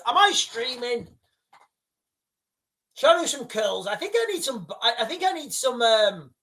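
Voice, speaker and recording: A man's voice: very high voice, sharp tone. Rambling man hosting a livestream. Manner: rambling, full of fillers and restarts. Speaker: livestream host. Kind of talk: casual live commentary.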